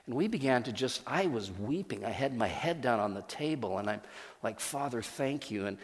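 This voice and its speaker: A man's voice: mid-range voice, expressive, fairly quick. A man, a church leader, telling a personal testimony in an earnest storytelling way, with frequent restarts and repeated words. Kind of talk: testimony sermon. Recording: long hall reverb.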